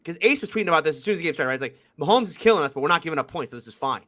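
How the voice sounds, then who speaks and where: A man co-hosting a casual sports podcast, excitable and animated as he breaks down a game. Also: fairly high pitch, racing. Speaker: podcast co-host.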